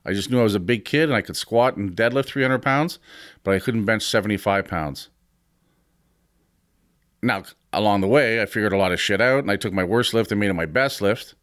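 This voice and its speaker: A man in his fifties speaks in a fairly low voice, close and dry with no room sound. He talks as a podcast host giving casual motivational advice, blunt and frank with the odd swear word. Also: fairly quick, fairly bright tone, no echo. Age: 50s. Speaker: podcast host and gym owner.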